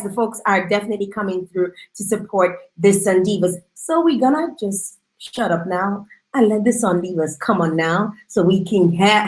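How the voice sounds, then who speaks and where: Lively woman hosting live show. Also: fairly high pitch. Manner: lively, chatty shout-outs to viewers. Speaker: host.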